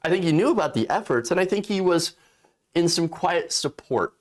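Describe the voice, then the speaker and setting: A man's voice: fairly high pitch, expressive, normal speed. A man giving political opinion commentary in a sarcastic, indignant, conversational way. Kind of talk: opinion commentary reading news.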